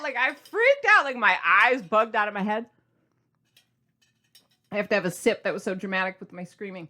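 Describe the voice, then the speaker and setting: A middle-aged woman hosting a podcast, talking to her listeners in an energetic, animated, casual way. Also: mid-range voice, a little fast, long pauses. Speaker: podcast host. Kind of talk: casual motivational podcast monologue.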